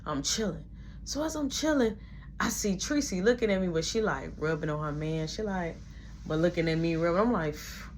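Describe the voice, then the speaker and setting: A woman's voice: on the low side, moderate pace, slight background noise. A woman telling a story casually and with energy, sometimes dropping to a whisper, in a slangy way. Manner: animated, drops to whispers, slangy retelling. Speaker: vlogger.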